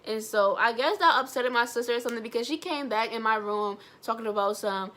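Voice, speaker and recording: A young woman vlogger telling a personal story in a blunt, animated way, swearing freely. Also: a little high, a little fast. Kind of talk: storytime vlog.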